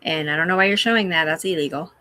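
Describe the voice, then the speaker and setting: A woman's voice: low voice, fast, sharp tone. A woman rambling and swearing casually on a live stream from her room, talking back to her chat. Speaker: livestreamer.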